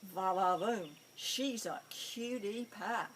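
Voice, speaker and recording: A woman's voice: medium pitch, slow pace, fairly bright tone, slight background noise. A woman voicing a cheeky, vain little male Shih Tzu spirit, full of sassy attitude. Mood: flirty.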